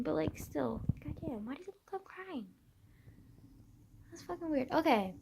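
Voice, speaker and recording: A young woman vlogging to her camera, rambling excitedly, laughing often and swearing a lot. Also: high-pitched, normal speed, creaky, long pauses, a little hiss or hum. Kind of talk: casual rambling vlog.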